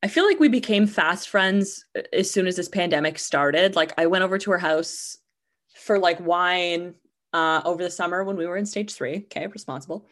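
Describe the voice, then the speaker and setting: Chatty woman podcaster, slightly low. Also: normal speed. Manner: rambling, chatty, heavy use of "like" fillers. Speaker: podcast host. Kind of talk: casual storytelling monologue.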